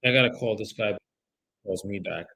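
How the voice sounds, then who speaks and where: A man's voice: on the low side, moderate pace, gravelly, sharp tone, breathy edge. A man working as a real estate broker, talking casually to viewers between calls and switching to a polite, formal voice when he is on the phone. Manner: casual, swears when frustrated. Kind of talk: livestreamed cold calling with commentary.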